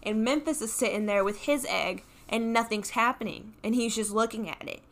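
A woman co-hosting a comedy podcast, recapping a film in a casual, animated way with lots of fillers. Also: a little high, normal speed. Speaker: podcast co-host. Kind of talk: casual stoner movie recap.

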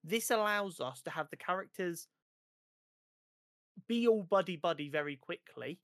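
A man on a podcast, talking through a film in an easy, animated way. He tends to trip over his words and repeat them when he gets going. His voice sits a little high and sounds dry and close. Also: moderate pace, no echo. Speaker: podcast co-host. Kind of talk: casual film review chat.

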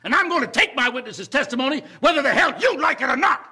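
An actor playing a combative Southern trial lawyer in a film drama, with a heavy drawl and a scornful, booming delivery. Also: male voice, animated, quick pace, sharp tone, heavily acted. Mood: furious. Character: forceful middle-aged Southern male trial lawyer, combative.

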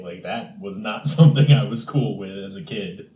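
A man co-hosting a casual film podcast, talking in a relaxed, chatty way and briefly acting out characters' lines. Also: on the low side, quick pace. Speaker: podcast co-host. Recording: roomy sound with faint background hiss.

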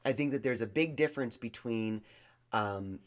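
On this podcast a male co-host with a mid-range voice talks at a moderate pace. He rambles through blunt, sarcastic mock-therapy in a casual chat.

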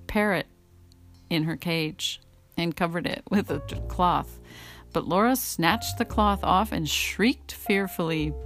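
Slow, low-voiced woman reading aloud. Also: fairly bright tone. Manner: amused, keeps breaking into laughter. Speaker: reader. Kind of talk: casual read-aloud of a memoir.

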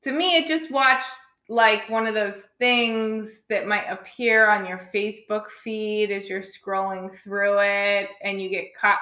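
Chatty woman with a bright voice. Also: medium pitch, reverberant. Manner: rambling, many likes and restarts. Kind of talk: casual film review chat.

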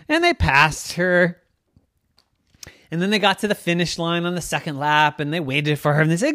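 Storyteller, bedtime story, playful sing-song delivery, lively pitch, dry. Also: normal speed, no echo.

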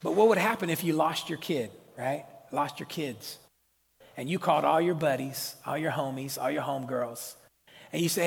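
Middle-aged male pastor, slangy lively sermon, fairly high husky voice, hall echo. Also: normal speed. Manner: lively, conversational preaching with slang and call-outs. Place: church hall. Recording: long hall reverb.

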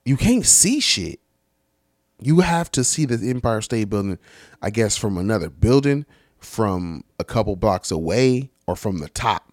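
A young man from California casually telling a story, animated and laughing, heavy on slang and swearing. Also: medium pitch, no echo, studio quality. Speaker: vlogger.

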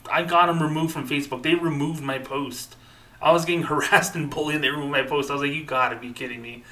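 Upset man in his thirties, bright voice. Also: mid-range voice, recorded from a distance, poor audio. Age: 30s. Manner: upset, earnest, rambling with many fillers. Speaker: podcast host. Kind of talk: personal podcast monologue.

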